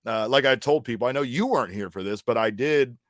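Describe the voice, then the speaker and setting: A man's voice: medium pitch, a little fast, no room sound, clean studio sound. A man hosting a casual sports podcast, upbeat and playful, hyping up his co-host.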